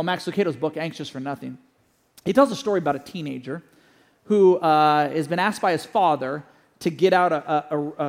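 Casting: male pastor, high gravelly voice, fervent preaching that swings loud and soft. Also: in a large hall. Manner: swings from loud fervent peaks to quiet low passages. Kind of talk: sermon.

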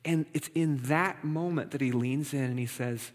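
A man's voice: on the high side, normal speed, hardly any pauses. A male pastor preaching a sermon in a conversational, playful way, often checking in with the congregation. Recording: reverberant hall.

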